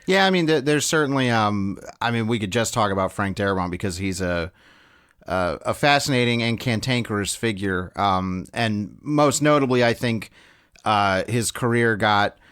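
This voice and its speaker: A man's voice: on the low side, lively intonation, normal speed, a bit bright, smooth. A man co-hosting a podcast, talking loosely in a casual film discussion, with lots of "um" and restarts. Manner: loose and chatty, many fillers and restarts. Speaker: podcast co-host.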